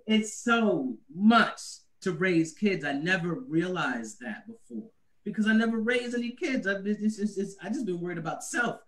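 A man's voice: high voice, lively intonation, normal speed, hardly any pauses, fairly bright tone, far from the mic. A man doing a conversational stand-up comedy set about raising kids, laughing at his own jokes. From US Northeast. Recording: echoey room, away from the mic.

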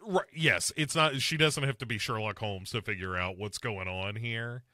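A man's voice: fairly low pitch, normal speed, bright, forceful tone. A man hosting a podcast, recapping a film scene by scene in casual chat and slipping into mocking voices for the characters. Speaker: podcast host.

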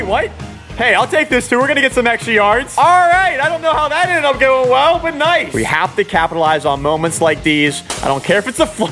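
A man giving live commentary over his own football video game play, excitable, swinging from muttered asides to sudden shouts. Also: high voice, moderate pace, over music. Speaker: gaming YouTuber.

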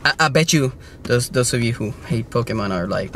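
A man filming a casual toy-hunting vlog, talking in an animated way and dropping in Spanish words. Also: mid-range voice, a little fast, noisy background. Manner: animated, swears and laughs, mixes in Spanish words.

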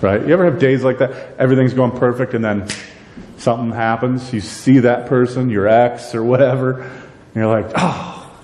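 A middle-aged man preaching a sermon as pastor, animated and joking, acting out characters and asking the congregation questions. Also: normal speed. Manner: animated, acts out characters in quotes; jokey, asks the congregation questions. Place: church sanctuary. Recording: echoey church hall, faint rumble.

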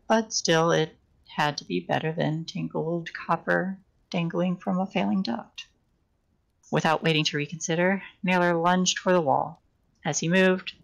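A woman with a lowish, gravelly voice reads a novel aloud on a live stream. She reads unpolished, often tripping over a phrase and correcting herself before carrying on. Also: normal speed, rough recording. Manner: unpolished live reading with frequent restarts and self-corrections. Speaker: reader.

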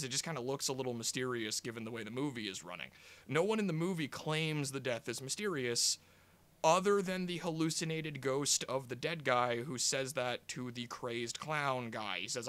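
A man's voice: fairly high pitch, no room sound. Exasperated, swearing young man. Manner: animated and exasperated, swears often, many fillers. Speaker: film reviewer. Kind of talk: casual movie-review rant.

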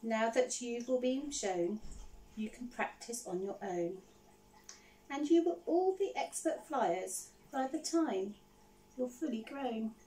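A woman's voice: fairly high pitch, lively intonation, takes it slowly, mellow. A woman voicing a stern female dragon schoolteacher who gives commanding orders, heard from some distance from the mic. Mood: bossy.

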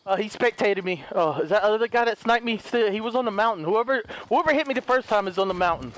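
A man commentating his own gameplay, muttering to himself, then bursting into loud shouts and giggles, and swearing often. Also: animated, quick pace, hardly any pauses. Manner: high-pitched giggling laughs. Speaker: gaming commentator.

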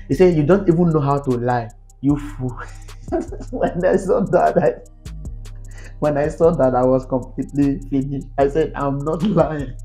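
A Nigerian man tells a storytime to his viewers with lots of animated, exasperated outbursts. His tone is mellow and fairly dark. Soft background music plays faintly under his voice. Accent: Nigerian English. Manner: animated and exasperated, pitch jumping up on exclamations. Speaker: vlogger. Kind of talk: storytime monologue to camera.

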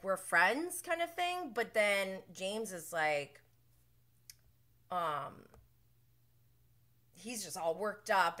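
A young adult woman hosting a casual recap show, telling the story with animated quoted voices. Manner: animated storytelling, acts out quotes with big pitch jumps. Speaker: podcast host.

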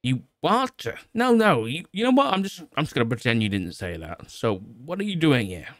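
A man's voice: medium pitch, sing-song, brisk, no echo, clean studio sound, close to an everyday voice. A man voicing a flustered young man who keeps denying things, his protests rising in exasperation. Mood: exasperated.

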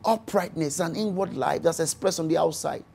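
A preacher delivering a sermon in a mid-pitched voice. The delivery is theatrical, with dialogue from scripture acted out and key phrases said again and again. Loud, pushing bursts give way to quiet, hushed lines. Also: moderate pace, creaky, slightly rough. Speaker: pastor.

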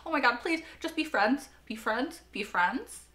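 Excitable high-voiced woman reacting. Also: unhurried. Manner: excitable, shouts and swears at the screen. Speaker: TV reaction host. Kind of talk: emotional reaction commentary.

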